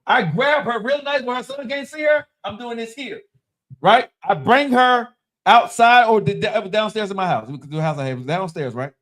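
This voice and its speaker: A man in his thirties telling a profane story in a lively, dramatic way, checking in with "right?" again and again. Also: sits high, normal speed. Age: 30s. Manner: animated, dramatic, repeats "right?". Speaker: storyteller on a live-streamed talk show.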